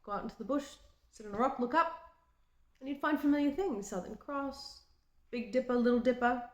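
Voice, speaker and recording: A woman from Australia in her late twenties or thirties, with an Australian accent, talking in a halting and reflective way in a personal vlog. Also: high voice, dull audio. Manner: halting and reflective, with frequent restarts. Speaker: vlogger. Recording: roomy echo.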